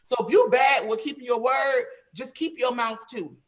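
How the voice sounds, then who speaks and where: A woman's voice: high voice, moderate pace. A woman speaks on a video call as a panelist, giving advice in an emphatic, preachy, plain-spoken way. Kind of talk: earnest advice in an online panel.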